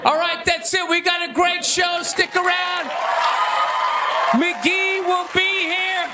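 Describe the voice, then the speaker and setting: Middle-aged Boston stand-up, shouty mocking ranter, live room with crowd and noise. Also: male voice, very high voice, slow. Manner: animated, shouting, mocking impressions. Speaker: stand-up comedian. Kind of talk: stand-up comedy rant. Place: comedy stage before a live audience. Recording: live stage with crowd laughter.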